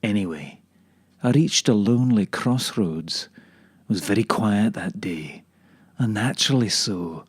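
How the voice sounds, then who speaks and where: A man voicing a rambling old male kale leaf, telling stories in a dry deadpan comic monologue. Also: on the low side, husky, no room sound. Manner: dry deadpan, drawn-out delivery.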